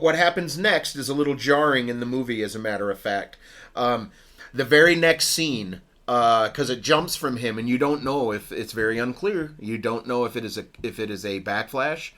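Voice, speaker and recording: A man's voice: medium pitch, a bit bright. A man on a casual podcast, retelling a movie plot with frequent ums and restarts. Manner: rambling, many ums and restarts. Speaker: podcast co-host.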